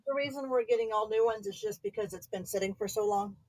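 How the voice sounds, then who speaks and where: A woman chatting casually on a video call, relaxed and quick to laugh. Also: mid-range voice, rough recording. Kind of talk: casual chat.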